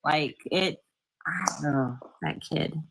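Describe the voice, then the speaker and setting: Rambling woman telling a story, lowish voice. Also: slow, background noise. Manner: rambling storyteller, heavy on filler "like". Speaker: parent on a radio talk panel. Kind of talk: casual chat.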